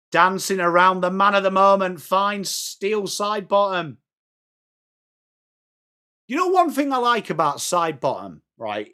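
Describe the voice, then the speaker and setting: An English man hosting a fan watchalong, chatting through the match as live fan commentary and breaking into shouts at big plays. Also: fairly high pitch. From England.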